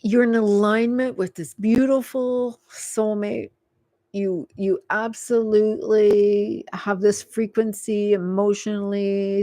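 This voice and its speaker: Slow, soothing woman tarot reader. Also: medium pitch, dark tone, dry recording. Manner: rambling and filler-heavy, coaxing and soothing. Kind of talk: live tarot reading, casual and unscripted.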